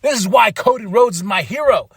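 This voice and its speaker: A man hosts his own podcast and recaps a wrestling show in casual chat. His voice sits high for a man, and he sounds animated, laughing often and acting out what the wrestlers said. The sound is dry and close, with no room around it. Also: brisk, breathy edge, dry recording. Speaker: podcast host.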